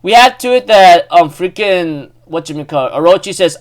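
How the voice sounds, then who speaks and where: A man's voice: fairly high pitch, moderate pace, hardly any pauses. A young man casually recapping a comic chapter, rambling with many fillers and frequent laughs. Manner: excitable, rambling, laughs often, lots of fillers. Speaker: manga recap host.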